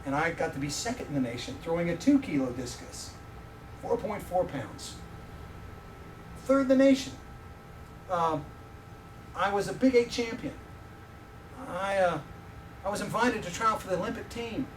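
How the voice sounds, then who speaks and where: Middle-aged guy preaching a sermon, high voice, jokey, sounds a bit far off with faint room noise. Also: moderate pace, pauses often. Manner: animated, joking with the audience. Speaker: visiting professor preaching. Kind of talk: sermon with personal storytelling. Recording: echoey room, mic heard from a distance.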